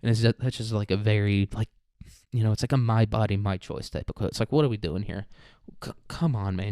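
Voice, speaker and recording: A man's voice: fairly low pitch, brisk, mellow, clean tone, no echo, clean studio sound. A man ranting in a rambling, profane comedic monologue, tossing in "dude" and "man" often. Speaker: comedic commentator.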